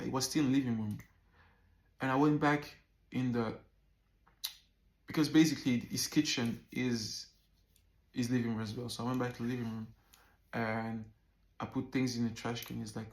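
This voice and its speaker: Animated man telling a story, roomy echo. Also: medium pitch. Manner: animated, swears often, acts out quoted dialogue. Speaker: vlogger. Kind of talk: casual personal storytelling.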